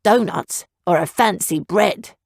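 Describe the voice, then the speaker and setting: A woman's voice: on the low side, slow, gravelly, no room sound, studio quality, heavily acted. Woman doing a brash young griffin. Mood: grumbling. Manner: whiny and blustering.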